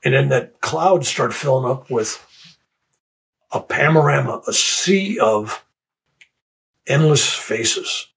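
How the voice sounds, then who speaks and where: An older man with a gravelly, fry-edged voice recounts his own extraordinary experience in a plain, unhurried way. He stumbles and repeats small words as he reaches for what he means, then carries on with the story. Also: mid-range voice, expressive, a bit bright, poor audio. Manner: halting, repeats words when searching for them. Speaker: interviewee. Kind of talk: personal storytelling.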